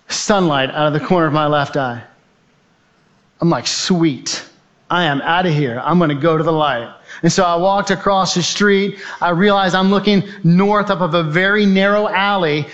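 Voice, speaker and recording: A man's voice: high-pitched, fairly bright tone, highs cut off. Man telling a dramatic personal story. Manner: vivid, urgent, acts out the voices in his story. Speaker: guest speaker giving a testimony.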